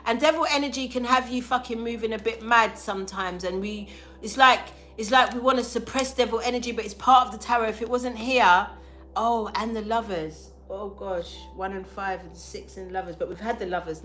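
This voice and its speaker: A young woman giving a live tarot reading to viewers, loud, profane and animated, with a sore throat. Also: medium pitch, fairly quick, a little hiss or hum. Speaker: tarot reader.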